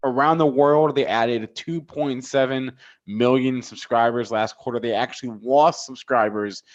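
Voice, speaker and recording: Brisk male trading-show host. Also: mid-range voice, fairly even intonation, dull audio. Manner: brisk, businesslike headline rundown. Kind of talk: live trading show rundown.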